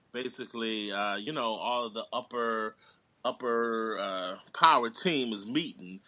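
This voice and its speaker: A man talking through a film's plot in a casual chat, telling it with animated, character-quoting energy. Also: medium pitch, a little slow, no echo. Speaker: guest actor and writer. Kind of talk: casual movie review chat.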